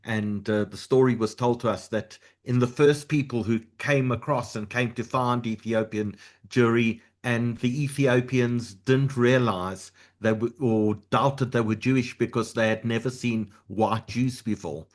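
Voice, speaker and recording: A man's voice: medium pitch, steady tone, measured pace, hardly any pauses. A man hosting an interview, speaking in a conversational, reflective way. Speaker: host.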